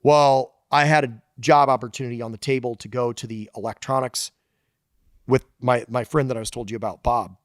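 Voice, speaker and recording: Dude telling shop stories on a podcast, swears a bit, dead dry sound. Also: male voice, mid-range voice, fairly even intonation, fairly quick, dry recording. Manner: loose storyteller who swears casually. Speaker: guest engineer and shop founder. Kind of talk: casual podcast chat.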